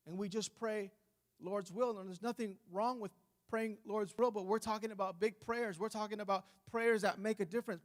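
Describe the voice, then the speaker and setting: Male pastor, high voice, passionate church sermon delivery. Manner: passionate preaching that rises loud on repeated phrases.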